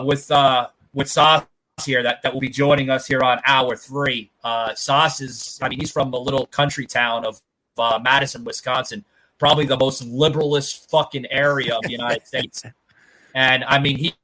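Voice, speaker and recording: A man's voice: mid-range voice, steady tone, normal speed, bright, forceful tone, poor audio. A man hosting a podcast in a casual, rambling way, full of fillers and swearing. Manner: rambling, many fillers and profanity. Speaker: podcast host.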